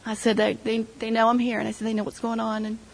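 A woman's voice: fairly high pitch, monotone, fast, vocal fry, low-quality recording. A middle-aged woman sharing an emotional personal testimony with her church group, retelling conversations as she goes. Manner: emotional storytelling, quoting others.

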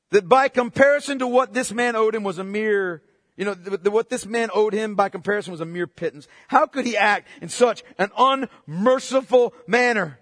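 A man preaching a sermon with passion, firing rhetorical questions and swinging between loud outbursts and hushed asides. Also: extremely high pitch, dry recording, studio quality, long reverb tail. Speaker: pastor.

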